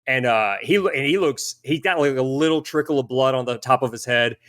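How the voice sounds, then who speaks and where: A man's voice: medium pitch, a little fast, a bit bright. A man with a mid-range voice runs a tabletop game as game master. He describes the scene loosely, circling back and restarting his sentences as he goes. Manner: rambling, many restarts and fillers while describing.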